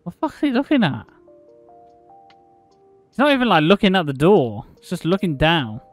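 A man's voice: high voice, wildly swooping pitch, moderate pace, faint music behind. A young man hosting as a game server admin, commenting on gameplay and mocking players, swearing now and then.

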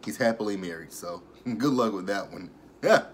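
A man's voice: on the low side, expressive, normal speed, slight background noise. A man giving a casual recap of a TV episode, talking bluntly with profanity and sarcastic asides. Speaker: TV show reviewer.

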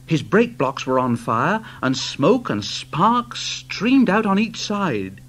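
A man with a British accent reading a children's story aloud in an expressive storytelling voice. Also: high-pitched. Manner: slow, lively storytelling. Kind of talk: storybook narration.

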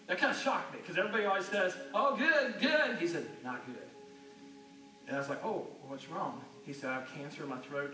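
A male pastor preaches in a conversational sermon, his voice high and bright. He is heard from a distance in an echoey church, with soft music faint in the background. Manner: conversational, drops to a hushed near-whisper in stories. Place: church sanctuary.

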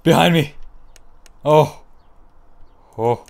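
A young man hosting his gaming channel, nervously commenting on a horror game, swearing and repeating himself in hushed murmurs and sudden yelps. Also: fairly high pitch, very slow, vocal fry.

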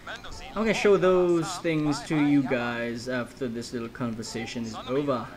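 A man's voice: medium pitch, unhurried, a crowd in the background, rough recording. A man giving casual let's-play commentary, rambling between jokey asides.

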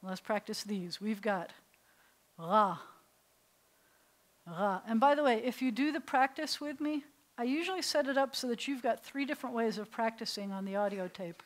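A middle-aged woman rabbi teaching a beginners' Hebrew class, patient and playful, slowly sounding out syllables for students. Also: fairly high pitch, lively intonation, rough recording. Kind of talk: classroom language lesson.

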